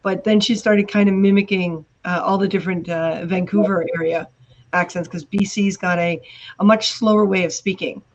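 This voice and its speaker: A Canadian woman with an Ontario accent hosts a casual live video chat, telling stories in a chatty way with quick asides. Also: mid-range voice, fairly even intonation, lo-fi sound, slight background noise. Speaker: host.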